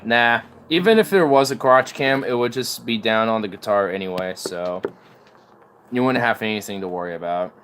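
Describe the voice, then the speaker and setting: A man's voice: lowish voice, normal speed. A man chatting casually while playing guitar, rambling and swearing freely. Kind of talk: casual chat.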